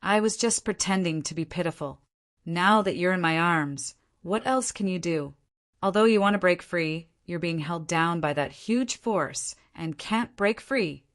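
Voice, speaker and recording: Read by a woman, this is a clingy young sister from a storybook who pouts and wheedles to get her way. Her voice sits fairly low for a woman. The delivery stays plain and close to a reader's own voice. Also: measured pace, natural voice. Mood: sly. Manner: pouting, wheedling. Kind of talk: audiobook character reading.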